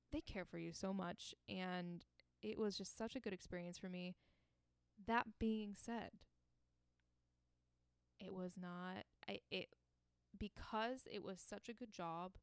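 A young woman with a gravelly yet smooth mid-range voice hosts her own podcast in a casual solo monologue. She's earnest and encouraging, often restarting her sentences, and the recording has no echo.

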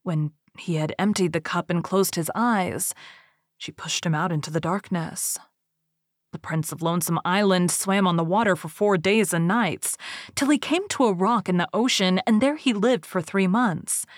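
Low-voiced woman reading a folk tale. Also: normal speed, no room sound, clean studio sound. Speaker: storyteller.

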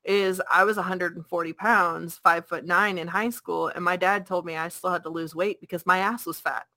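A woman's voice: fairly low pitch, fairly even intonation, moderate pace, sharp tone, no room sound. A woman guest on a casual podcast, frankly telling a personal story. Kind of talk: casual chat.

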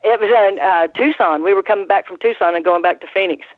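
A woman's voice: medium pitch, fast talker, no room sound. A woman in her sixties, a former ring announcer, telling rambling stories in a casual interview and laughing often. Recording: tinny phone line, dry.

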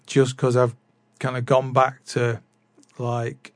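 A man's voice: medium pitch, completely flat delivery, slow, no echo, studio quality. A man chatting casually about drum practice, rambling with many fillers and restarts. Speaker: drummer vlogger. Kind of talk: casual chat.

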